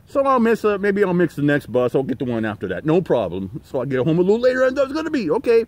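A man's voice: high-pitched, wildly swooping pitch, fast, few pauses. A middle-aged man hosting his own channel, ranting in a profane, rambling way with many fillers and restarts. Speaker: channel host. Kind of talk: rambling livestream rant.

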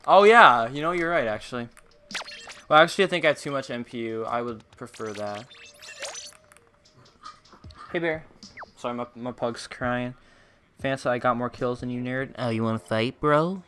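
A man streaming a game live, chatting casually with viewers and teammates, excitable and humming along. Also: medium pitch, moderate pace, long pauses, slight background noise. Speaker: gaming streamer.

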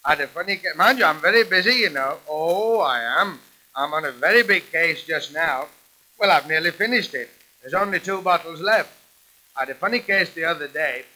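A man delivering a 1920s music-hall comic monologue, with quick patter and punchlines as a bumbling policeman. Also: a little high, sharp tone, slight background noise. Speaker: comedian.

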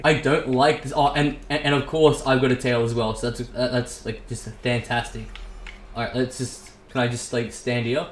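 A man giving excitable, casual commentary as he plays a game, swearing and talking to himself. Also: medium pitch, moderate pace. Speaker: gaming YouTuber. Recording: echoey room with faint background hiss.

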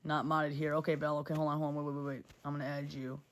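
A woman hosts a phone livestream, talking to her chat in a heated, blunt way, swearing freely and repeating herself. Her low voice has little pitch movement and a quick pace, with a little hiss or hum.

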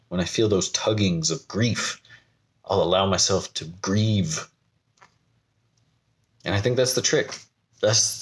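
A young man from the United States talking candidly to camera in a vlog, rambling and laughing at himself. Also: low voice. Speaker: vlogger. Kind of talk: personal talk to camera.

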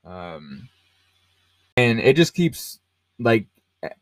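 A man's voice: medium pitch, big pitch swings, drawn-out words, dry recording. A man hosting a podcast, talking about a film casually with lots of fillers and restarts. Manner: rambling, many fillers and restarts. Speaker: podcast host.

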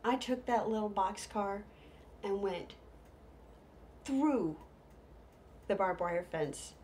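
A middle-aged woman telling humorous stories, lively, with hushed whispered asides. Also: medium pitch, slow pace, slight background noise. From United States. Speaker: storyteller. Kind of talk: humorous stage storytelling.

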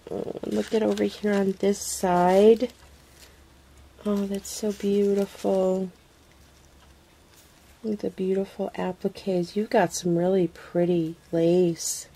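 A woman talking casually to her camera at home, gushing with excitement, exclaiming and gasping, with soft breathy asides. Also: mid-range voice, slow pace, pauses often. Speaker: craft vlogger. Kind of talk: casual unboxing chat to camera.

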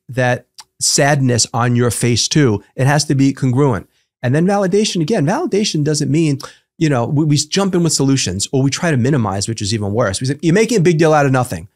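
A man who is a psychotherapist, talking in a podcast interview and explaining ideas through everyday examples and rhetorical questions. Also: mid-range voice. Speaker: psychotherapist guest.

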